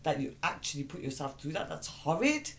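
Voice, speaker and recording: Dramatic swearing woman, bright voice. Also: deep voice, sing-song, fairly quick. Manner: dramatic, swears a lot, shrieks and yelps. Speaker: podcast co-host. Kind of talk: casual chat.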